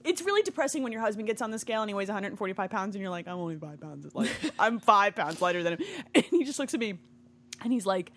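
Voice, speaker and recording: Young woman, podcast co-host, rapid and animated, profane and teasing. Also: a little high. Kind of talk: casual chat.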